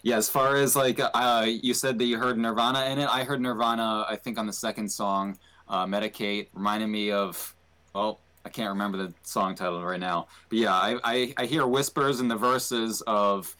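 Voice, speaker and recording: Hesitant low-voiced man, bright tone. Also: fairly even intonation. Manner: hesitant, halting, many restarts. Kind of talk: casual podcast chat.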